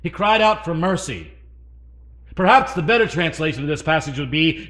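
A man preaching a sermon, swinging between loud emphasis and hushed asides and asking the congregation questions. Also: a little high, lively intonation, moderate pace.

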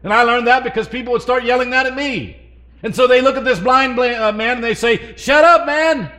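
A man preaching a sermon, swinging between loud emphasis and hushed asides and asking the congregation questions. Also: very high-pitched, fairly even intonation, brisk.

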